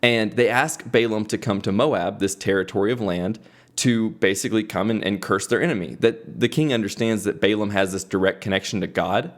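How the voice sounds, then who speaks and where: A young man with a fairly low voice hosts a podcast, briskly retelling a Bible story as casual devotional storytelling. His delivery is conversational and he restarts often.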